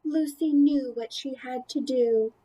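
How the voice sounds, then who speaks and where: A woman reading a picture book aloud to children, animated and playful, with chatty asides about the pictures. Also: high-pitched, unhurried, husky. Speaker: storybook reader.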